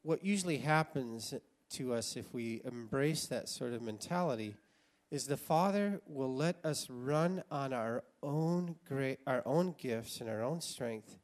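An American man in his sixties telling a personal story as a sermon, animated and laughing often. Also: mid-range voice, a little slow. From United States. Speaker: preacher.

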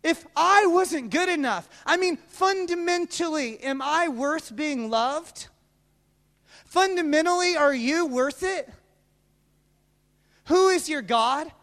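A man preaching a sermon with impassioned delivery that swings from loud declarations to hushed confessions. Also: extremely high pitch, slow pace. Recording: long reverb of a large hall.

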